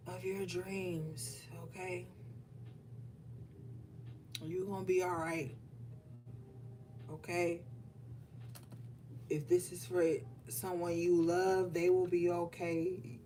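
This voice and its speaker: A woman's voice: on the low side, dark tone. A woman giving a spiritual reading, emotional and affirming as she speaks straight to her viewers. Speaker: tarot reader. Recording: distant mic with faint room noise.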